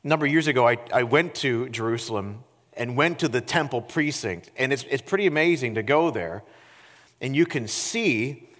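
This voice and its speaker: A male pastor preaching a sermon, expressive and full of rhetorical questions to the congregation. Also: medium pitch, normal speed, long reverb tail. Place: church sanctuary.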